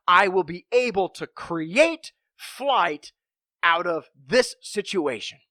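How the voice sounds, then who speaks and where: A man's voice: high voice, expressive, slow pace, bright, forceful tone, dry recording, clean studio sound, full character voice. A man voicing a mopey male rhino who longs to fly, in a storytelling talk. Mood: determined. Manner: mopey, then earnest.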